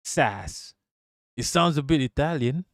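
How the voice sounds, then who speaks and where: Profane laughing stream host. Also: male voice, medium pitch, moderate pace, no echo, clean studio sound. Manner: loose, profane, laughs often. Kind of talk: casual reaction stream.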